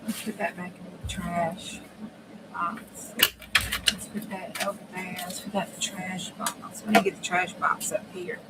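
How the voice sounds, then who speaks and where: A woman's voice: lowish voice, flat delivery, unhurried. A woman hosts a casual craft stream, chatting and thinking aloud as she works, sometimes dropping to near-whispers. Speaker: crafting channel host. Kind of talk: casual craft livestream talk. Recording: noisy background.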